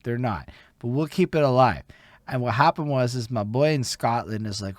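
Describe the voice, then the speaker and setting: A young man with a Canadian accent hosting a casual interview, talking excitedly, swearing often and packing his talk with "like". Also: medium pitch, moderate pace, no echo. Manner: excitable, swears a lot, heavy use of "like". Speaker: interview host. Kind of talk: casual chat.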